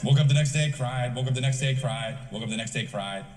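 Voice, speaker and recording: A man's voice: medium pitch, a little fast, a crowd in the background. A man doing stand-up, telling a confessional story with crude words and acted-out dialogue. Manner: profane, confessional, acts out dialogue. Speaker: stand-up comedian. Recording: roomy hall sound from far off with music.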